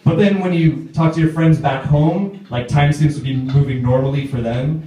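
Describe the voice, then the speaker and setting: Guy doing standup in a pub, rambly, somewhat high voice, super echoey. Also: fairly even intonation, normal speed, dark tone. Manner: chatty, hesitant with fillers. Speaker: stand-up comedian. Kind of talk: stand-up set. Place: small pub stage. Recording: echoey pub room, mic far off.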